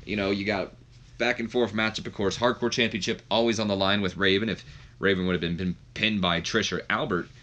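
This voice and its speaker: Man, low voice, casual game commentary, rambling with fillers. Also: steady tone, fairly quick, fairly bright tone.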